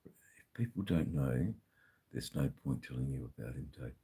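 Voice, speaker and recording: A middle-aged Australian man hosting a casual livestream, chatting with viewers in a halting way, full of ums and repeated words, swearing now and then. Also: rumbling low, animated, warm tone, breathy edge. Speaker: livestream host.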